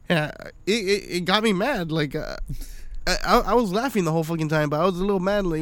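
A man's voice: high-pitched, expressive, normal speed, long pauses, no echo. A young man co-hosting a podcast, telling a story in casual chat, swearing a lot and laughing often. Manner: profane, laughs often while telling stories. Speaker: podcast co-host.

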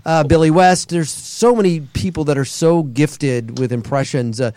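A man with a somewhat high voice talks casually about doing impressions. He rambles and fills pauses often. His voice sounds dry and close, with no room echo. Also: dark tone. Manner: rambling, with frequent fillers. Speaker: voice actor and impressionist. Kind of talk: casual chat.

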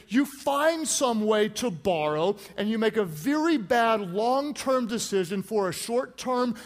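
A man preaching a sermon as pastor, animated and emphatic, calling out to the congregation. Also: high-pitched. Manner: animated, rises to shouts for emphasis, calls on the congregation. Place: large church auditorium. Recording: church hall with long reverb.

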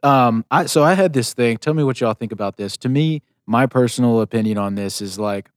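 A man's voice: mid-range voice, fairly quick, dry recording, clean studio sound. A man hosting a podcast, talking bluntly and swearing freely in casual chat. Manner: blunt, profane, opinionated. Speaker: podcast host.

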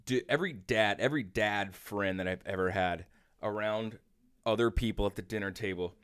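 A man's voice: lowish voice, moderate pace, fairly bright tone, clear, resonant tone. A man co-hosting a podcast, chatting casually and dropping dry, wry remarks. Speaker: podcast co-host. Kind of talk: casual chat.

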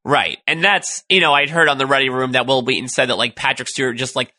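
A man co-hosting a casual fan discussion podcast, chatty and quick with jokes. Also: mid-range voice, steady tone, bright, forceful tone, no room sound. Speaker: podcast co-host.

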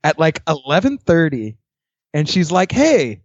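A young man, a podcast guest, telling his dating stories in casual chat, candid and quick to laugh, swearing freely. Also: a little high, huge pitch swings, no room sound. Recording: dry, dull lo-fi sound.

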